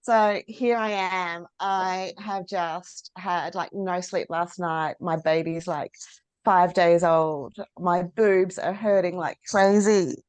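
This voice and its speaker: A woman's voice: on the low side, fairly even intonation, slow pace, a little mellow, clear, resonant tone, no echo. A woman hosting a podcast, chatting in an upbeat, enthusiastic way. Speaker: podcast host. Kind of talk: casual podcast conversation.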